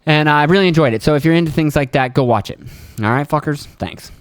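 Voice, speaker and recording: A man's voice: a little high, quick pace, clean tone, no echo, clean studio sound. A young man hosting his own podcast, rambling casually with lots of swearing and chuckles. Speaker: podcast host. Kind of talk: casual solo podcast rant.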